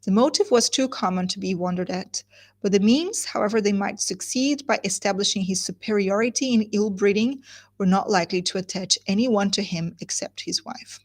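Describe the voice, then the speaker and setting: Expressive woman reading a novel aloud. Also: mid-range voice, brisk. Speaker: literature teacher.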